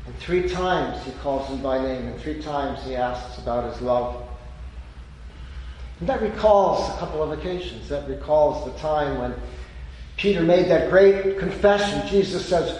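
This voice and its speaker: A man's voice: fairly high pitch, lively intonation, normal speed, darkish tone, slight background noise. A man preaching a sermon, retelling stories and lifting his voice when he quotes the people in them. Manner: storytelling, voicing quoted speakers with rising emphasis. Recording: echoey hall.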